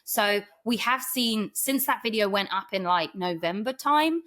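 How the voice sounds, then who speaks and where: A woman's voice: medium pitch, lively intonation, unhurried, a bit bright. A young woman, talking easily and rambling a little as a guest about running a dog rescue. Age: young adult. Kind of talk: casual interview talk.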